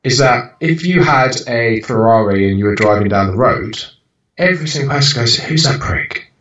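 A man's voice: medium pitch, a little fast, fairly bright tone. A man in his thirties talks bluntly and animatedly as a podcast guest, swearing casually and restarting his sentences. His voice sits back from the mic in an echoey room, and the recording sounds dull and lo-fi. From United Kingdom. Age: 30s. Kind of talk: casual interview chat. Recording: roomy, distant and dull-sounding.

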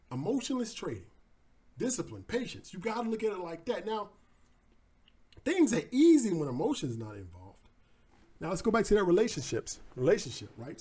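A man teaches about trading by telling a story, talking casually and repeating himself in slang. His voice is high and moves widely in pitch. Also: a little mellow. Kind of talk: storytelling lesson.

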